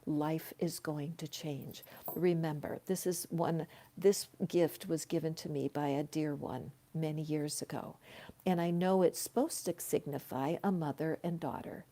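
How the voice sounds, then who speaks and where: An older woman with a low voice hosts a live tarot stream from her home. She talks slowly and gently, often dropping into a hushed whisper as she reads the cards. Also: vocal fry. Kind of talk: live tarot reading, casual spiritual talk. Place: her home, with her dog nearby. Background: a dog barking at times.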